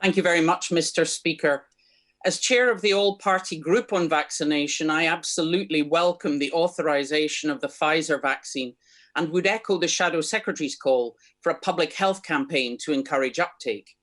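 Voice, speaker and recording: A woman's voice: low voice, moderate pace. A woman, an opposition spokesperson and doctor, asking a formal parliamentary question.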